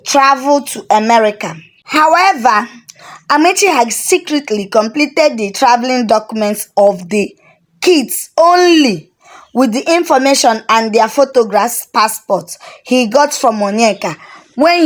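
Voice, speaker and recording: Slow-paced woman storyteller. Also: fairly high pitch. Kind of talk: storytelling narration.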